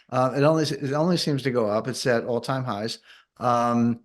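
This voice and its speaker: A guest economic commentator answers interview questions about economics, patient and methodical, with dry sarcastic asides. His mid-range voice holds fairly even intonation at a moderate pace.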